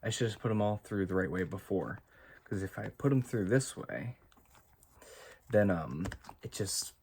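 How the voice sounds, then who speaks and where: An American man chatting casually and softly for an ASMR video, rambling and laughing at himself, recorded on a phone in a home studio. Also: sits low, vocal fry, slight background noise. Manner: rambling, self-amused, laughs often. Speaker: ASMR creator. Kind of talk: casual ASMR chat with soft whispering. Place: home studio with haze and lights. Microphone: phone on a gimbal.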